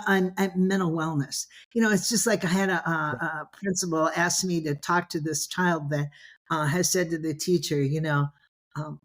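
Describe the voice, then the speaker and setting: Chatty grandmotherly woman, slightly low voice. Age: older. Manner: rambling, many restarts and "you know"s; acts out quoted voices. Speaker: guest. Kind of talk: casual interview storytelling.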